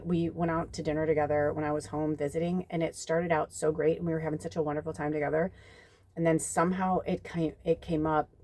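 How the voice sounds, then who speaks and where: With a deep voice, a young woman psychic medium tells her viewers a personal story during a casual spoken tarot reading. She is emotional and on the verge of tears, cursing freely and quoting people in lively voices.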